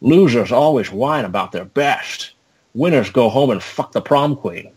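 A man doing an impression of a famous older male film star, with a slow, smug delivery. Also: mid-range voice, animated, a little mellow, slightly rough, voice pushed up. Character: gruff older male movie hero, dry and cocky.

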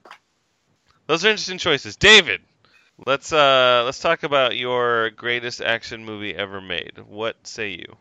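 Man host, very bright smooth voice, lively pitch, dry recording. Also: moderate pace, no room sound, muffled recording. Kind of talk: casual chat.

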